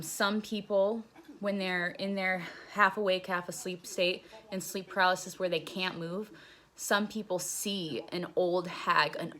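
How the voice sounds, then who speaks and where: In a lowish voice that sounds pushed and bright, a young woman relays a personal story about being in jail. She rambles, swears without restraint, and fills her speech with "like."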